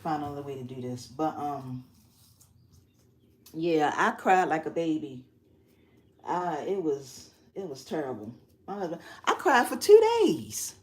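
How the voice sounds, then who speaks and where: A middle-aged woman hosts a casual live stream on her phone from a quiet bedroom at home. Her voice sits a little low, and she talks in a chatty, expressive way, laughing often. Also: unhurried, pauses often. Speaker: craft channel host.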